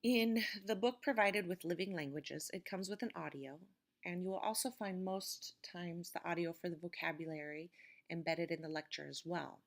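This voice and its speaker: In an English vocabulary lesson, a woman with a voice on the low side explains word stress, pronouncing each word slowly and distinctly.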